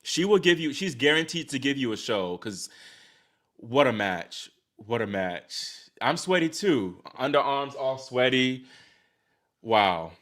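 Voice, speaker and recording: A young man from Virginia hosting a casual live stream, chatting excitedly with viewers, sighing and exclaiming as he reacts. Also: mid-range voice. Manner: excitable, talks to chat, sighs and exclaims. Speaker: livestream host reacting to tennis.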